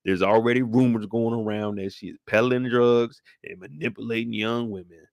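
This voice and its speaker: A man voicing an irritated precinct captain, middle-aged, gravelly, cursing, barking orders, bossy, dry close sound. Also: medium pitch, fairly even intonation, moderate pace, no echo, close to an everyday voice. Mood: exasperated. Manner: profane, bossy rant at his detectives.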